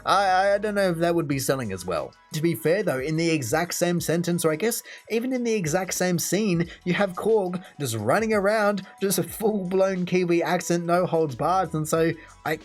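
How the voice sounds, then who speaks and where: A man's voice: sits high, expressive, moderate pace, hardly any pauses, faint music behind. An Australian man hosting a reaction video, thinking aloud in long, rambling commentary. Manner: musing, thinks aloud in long run-on sentences. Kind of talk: casual commentary.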